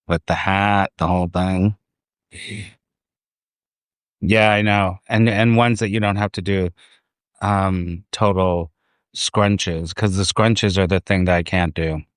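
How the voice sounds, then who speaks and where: This livestream host is a man chatting casually from a park, wandering off topic, distracted, and frequently laughing. Recorded on his phone with no room sound, his low-pitched voice comes across clear and resonant.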